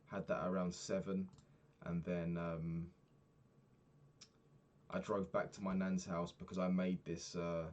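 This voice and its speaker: Deep-voiced man, casual swearing. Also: unhurried. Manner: candid, swears often, animated when retelling annoyances. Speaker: personal trainer. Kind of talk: casual vlog recap.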